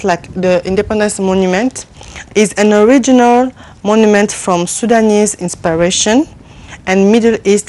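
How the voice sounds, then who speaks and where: A woman teaching French pronunciation on a TV segment, slowly repeating words for viewers to echo. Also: mid-range voice, darkish tone. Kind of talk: TV language lesson.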